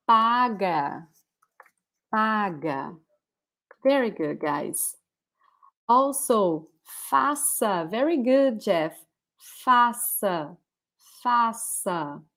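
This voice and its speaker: A woman's voice: medium pitch, a little mellow. A woman with a Brazilian accent, a Portuguese speaker, teaching a live online pronunciation lesson, repeating words patiently for her students. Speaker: language teacher.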